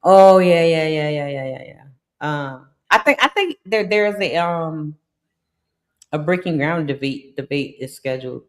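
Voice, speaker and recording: A woman hosts a late-night livestream chat in a lowish voice. Her pitch jumps all over as she laughs and teases her guests. She sounds easygoing and a little drowsy. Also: a little slow. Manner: animated, laughs often, sleepy-voiced. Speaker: livestream host.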